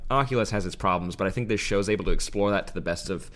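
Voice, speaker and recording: A man co-hosting a podcast in casual chat, easygoing and quick to laugh. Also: low voice, fairly bright tone. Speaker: podcast co-host.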